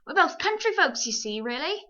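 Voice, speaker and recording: A woman's voice: high-pitched, very animated, moderate pace, bright, forceful tone, muffled recording, full character voice. A woman voicing a humble, plain-spoken male London cabman who talks in a bashful, homely way in a storybook reading. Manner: homely, bashful, folksy speech.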